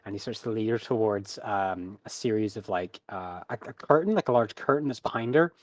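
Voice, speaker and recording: A man's voice: fairly low pitch, fairly quick, no echo. A man running a tabletop game who narrates the scene loosely, with frequent ums and restarts. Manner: hesitant, full of ums and restarts. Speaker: game master.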